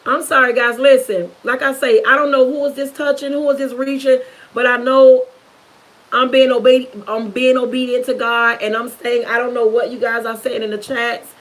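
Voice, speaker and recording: A woman's voice: a little high, flat delivery, moderate pace, poor audio. A middle-aged woman, giving a fervent, preachy testimony on a livestream, repeating herself for emphasis. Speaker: YouTuber.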